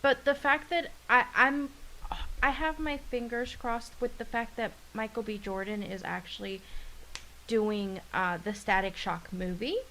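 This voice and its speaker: Slow, halting woman over faint hiss. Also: fairly high pitch, steady tone, pushed and bright, poor audio. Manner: slow and halting, searching for words. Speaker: podcast co-host. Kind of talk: casual podcast chat.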